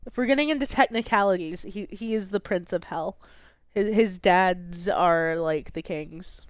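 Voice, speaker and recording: A woman streamer running a game chats casually, eagerly walking her co-player through the rules. Her voice sits on the low side, at a measured pace, with no echo.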